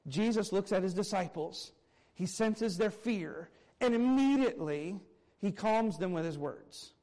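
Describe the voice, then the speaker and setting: A man preaching a sermon, explaining a scripture passage with earnest emphasis and quiet low asides. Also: low-quality recording. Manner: earnest expository preaching, reading scripture aloud; animated, swinging between raised emphasis and quiet low asides. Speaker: pastor.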